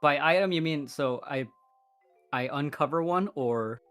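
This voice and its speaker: A woman's voice: sits low, measured pace, dry recording, faint music behind. A woman playing in a tabletop murder mystery, talking nervously and stammering. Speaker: player. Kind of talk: casual chat about a tabletop game.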